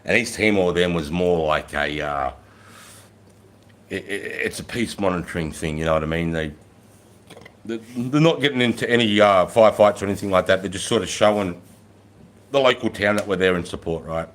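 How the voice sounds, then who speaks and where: A man's voice: sits low, normal speed. A middle-aged man, a former army sergeant telling blunt, profane war stories on his own livestream. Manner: blunt and heavily profane, rising loud when quoting himself. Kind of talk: casual storytelling livestream.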